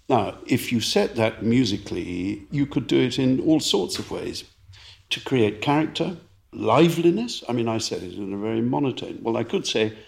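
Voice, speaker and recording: Slow, gravelly-voiced male conductor. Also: mid-range voice. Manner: measured, explanatory, with demonstrations. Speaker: conductor and co-host. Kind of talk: explanatory podcast chat about opera.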